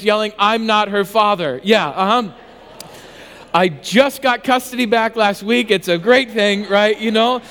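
A male pastor preaching a sermon, telling a self-mocking personal story in an animated, conversational way with frequent restarts. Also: sits high, long reverb tail.

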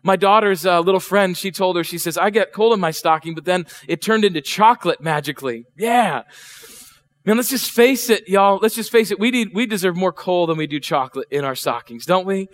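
This pastor, a middle-aged man preaching in church, has an expressive voice that sits high and moves fairly quickly. He talks conversationally, quizzing the congregation and performing different voices as he goes.

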